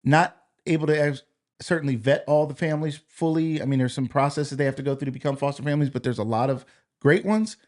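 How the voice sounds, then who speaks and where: Man, talk show host, fairly high voice, encouraging, easygoing. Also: fast talker. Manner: warm, affirming, frequent encouraging interjections. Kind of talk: conversational interview.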